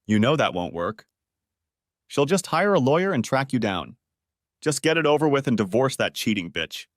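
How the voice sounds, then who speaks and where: A man's voice: mid-range voice, big pitch swings, normal speed, no echo, studio quality, natural voice. A man voicing a level-headed male friend who gives blunt, firm advice.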